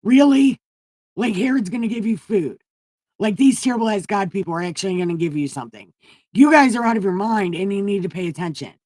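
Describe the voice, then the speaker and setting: A woman's voice: medium pitch, a little mellow, no echo. A woman hosting a comedic, irreverent Bible reading stream, sarcastic and profane. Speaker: host.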